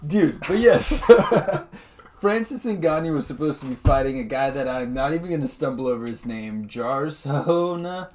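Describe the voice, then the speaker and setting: A man co-hosting a podcast in casual chat, animated and laughing often, calling people dude and man. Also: mid-range voice, unhurried. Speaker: podcast co-host.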